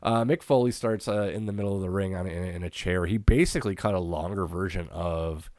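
A man's voice: deep voice, brisk, a little mellow, no room sound, clean studio sound. A man co-hosting a podcast, recapping old wrestling shows in a laid-back, profane way and laughing often. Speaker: podcast co-host. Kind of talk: casual wrestling recap chat.

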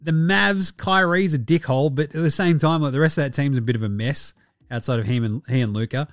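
A man's voice: a little high, brisk, dry recording, studio quality. An Australian man hosting a basketball podcast, in casual, profane and rambling commentary. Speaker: podcast host.

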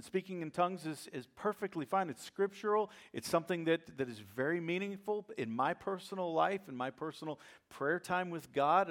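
A middle-aged man preaching a sermon, telling a humorous personal story in a lively, self-deprecating way. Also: on the high side. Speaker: pastor.

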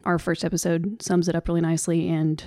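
On a casual podcast, a woman from the Southern US with a Southern accent speaks quickly in a lowish, level voice. As co-host she comes across earnest and off the cuff, loose, laughing softly; the studio mic sound is clean with no echo.

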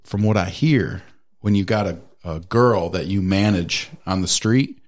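A man telling a story in casual chat, animated and swearing, acting out other people's voices in quotes. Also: sits low, measured pace.

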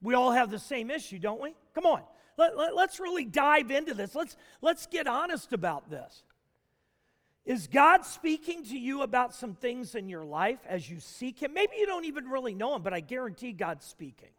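A man preaching a sermon, emphatic, with dramatic pauses. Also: very high-pitched, big pitch swings, a bit bright. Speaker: pastor. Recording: long hall reverb.

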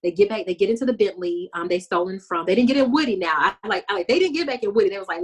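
A woman's voice: medium pitch, very fast, hardly any pauses, breathy edge. A woman co-hosting a casual chat, recapping a TV episode and acting out lines from it. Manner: animated storytelling, acts out characters' lines. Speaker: podcast co-host.

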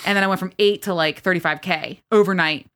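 A woman's voice: fairly low pitch, steady tone, fast talker, a bit bright. A woman, a mother and content creator, chatting enthusiastically as a podcast guest. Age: adult with a child. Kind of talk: casual chat.

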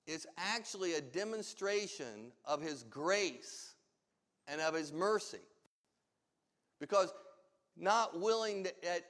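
A man preaching a sermon as pastor, emphatic and full of rhetorical questions. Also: a little high. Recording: long hall reverb.

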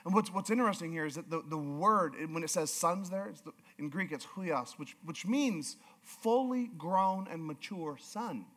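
A man's voice: high voice, animated, normal speed, few pauses, fairly bright tone. A male pastor preaching a sermon with emphatic, repeated phrases.

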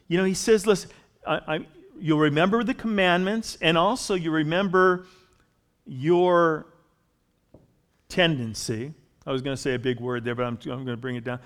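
A man's voice: a little high, moderate pace, pauses often, a bit bright. A man preaching a sermon in a conversational way, growing emphatic as he reads and explains scripture. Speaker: pastor.

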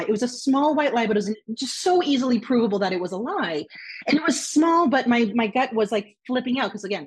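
A woman's voice: a little high, breathy edge. A woman guest on a podcast, earnestly recounting a personal story and acting out quoted lines. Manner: earnest, with quick acted-out quotes.

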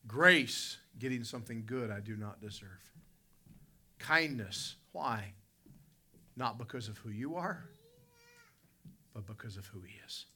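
Male pastor preaching in church, very forceful bright tone, emphatic, big swings from loud peaks to low asides. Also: lively intonation, unhurried, long pauses, slightly rough. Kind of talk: preaching a sermon. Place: church service with congregation responding.

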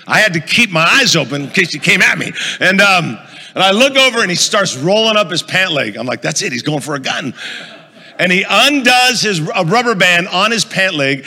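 Male pastor, sermon, high voice, storytelling, asks the crowd questions, long auditorium reverb. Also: sharp tone.

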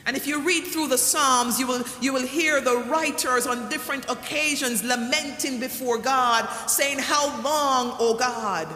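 A preacher delivering a sermon, repeating a lament refrain with drawn-out, slowed emphasis. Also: high-pitched, steady tone, sharp tone, faint music behind. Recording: echoey hall, faint room noise.

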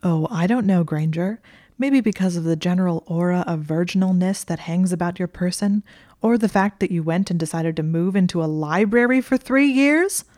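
A woman's voice: lowish voice, normal speed, a little mellow, no echo, clean studio sound, close to an everyday voice. A woman reading the part of a sulky, sardonic young nobleman with a sarcastic, drawling delivery.

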